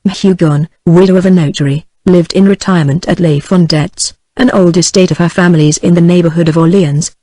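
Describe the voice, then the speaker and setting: A text-to-speech woman's voice with a British accent, reading a classic novel in an even, measured way. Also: lowish voice, no echo. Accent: British English. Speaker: audiobook narrator. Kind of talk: synthetic audiobook narration.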